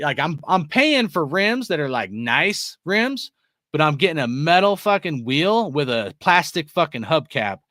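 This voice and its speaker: Young male host, loose profane rambler; bright, dry close sound. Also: on the high side, very animated, measured pace, dry recording. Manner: profane, rambling, laughs often, says bro and dude. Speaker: sports fan show host. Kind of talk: casual rant to viewers.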